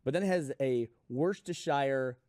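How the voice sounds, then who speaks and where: A man's voice: medium pitch, normal speed, darkish tone, dry recording. A man telling a story on a podcast, chatty and laughing at his own tale. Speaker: podcast regular. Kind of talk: casual storytelling. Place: podcast studio.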